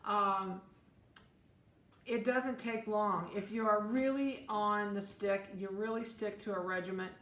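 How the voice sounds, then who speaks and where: A woman's voice: mid-range voice, fairly bright tone. A middle-aged woman dog breeder giving firm, direct puppy-training advice in an informal talk, repeating her key rules. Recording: echoey room with faint ambient noise.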